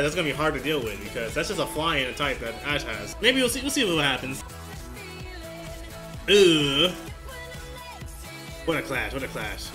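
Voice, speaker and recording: A man reacting live to an anime fight, exclaiming and chuckling as the action unfolds. His voice sits a little high and rings bright and forceful. Faint music plays underneath. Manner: animated, exclaiming, laughing often. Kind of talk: excited live reaction commentary.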